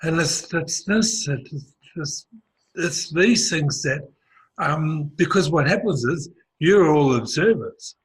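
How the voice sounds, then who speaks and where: A man's voice: on the high side, lively intonation, takes it slowly, husky, poor audio. A man with a New Zealand accent chatting casually, telling a story in a rambling way with many restarts and fillers. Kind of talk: casual conversational chat.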